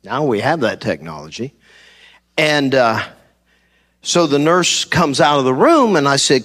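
A man pastor preaching a sermon, telling a personal story with animated delivery and acting out conversations. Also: mid-range voice, unhurried, long pauses. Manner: animated, acts out conversations, laughs at himself. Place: church sanctuary.

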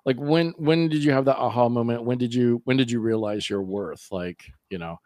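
A man hosting a podcast, asking casual interview questions in a relaxed, loose way. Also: mid-range voice, no room sound. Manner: relaxed, loose phrasing, quick back-channel agreement. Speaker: podcast host.

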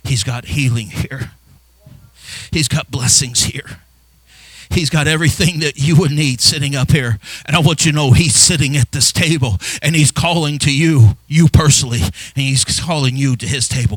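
A male pastor preaching a sermon, building from soft, low passages into impassioned shouts. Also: moderate pace, no room sound.

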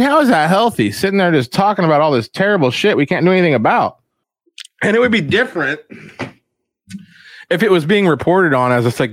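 A man's voice: very animated, fast, no room sound. Profane rambling man with a dry close sound. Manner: profane, rambling, mocks others in shrill voices. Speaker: podcast host. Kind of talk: casual rant. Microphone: headphones on, close mic.

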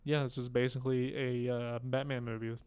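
Man, podcast co-host, monotone, smooth voice, deadpan rambling. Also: medium pitch, a little fast. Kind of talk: casual chat.

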